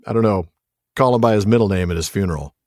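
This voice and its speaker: A man co-hosting a podcast in casual chat, jokey and quick to laugh. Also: on the low side, a little mellow, no echo, clean studio sound. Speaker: podcast co-host.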